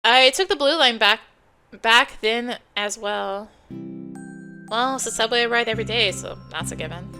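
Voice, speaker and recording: Let's play host, a woman reading game text expressively over loud game music. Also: on the high side, moderate pace. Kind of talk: reading a visual novel aloud.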